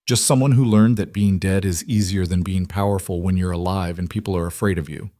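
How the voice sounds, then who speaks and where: A man's voice: low voice, steady tone, brisk, warm tone, no room sound, lightly acted. A man reading a defiant wolf-shifter woman. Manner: level, firm, clipped. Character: defiant young female wolf-shifter leader, cold and steady. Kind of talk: audiobook character reading.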